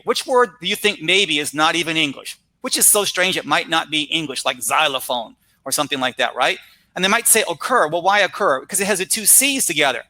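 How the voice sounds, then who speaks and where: Casting note: middle-aged male ESL teacher, bright, slightly raised voice, energetic presenter, dry close mic. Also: a little high, dry recording. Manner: energetic, explanatory, talks to the audience with "right?" and "all right?". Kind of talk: recorded conference talk on vocabulary teaching.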